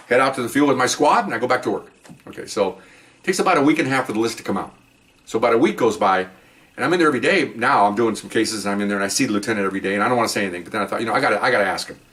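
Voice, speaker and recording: A rather low-voiced man spins a story from his police days in an easy, chatty way, slipping into the voices of the people he quotes. He sounds a little off-mic, as if sitting back from it. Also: fairly bright tone, distant mic. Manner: chatty, acts out dialogue, swears offhand. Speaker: retired police officer telling stories on a podcast. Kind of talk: casual first-person storytelling.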